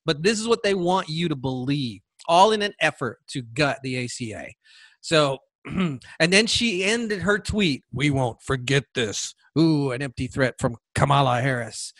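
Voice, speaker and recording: High-voiced guy ranting on his podcast, snarky and mocking, dry close sound. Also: lively intonation, moderate pace, a bit bright, no echo. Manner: sarcastic, mocking, scornful asides. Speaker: podcast host. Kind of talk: solo political commentary podcast.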